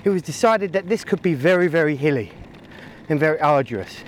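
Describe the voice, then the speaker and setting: Narrating a casual vlog from his bike, this man rambles and jokes about his route, self-mocking and muttering to himself as he passes country roads and city streets. His slightly high voice is expressive and a touch fast, with faint traffic and outdoor sounds around.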